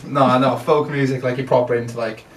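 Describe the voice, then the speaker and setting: A man's voice: mid-range voice, steady tone, brisk, a loud crowd. A young man in his twenties who teases and laughs often on a casual podcast chat. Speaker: podcast co-host. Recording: echoey room, mic far off, faint noise.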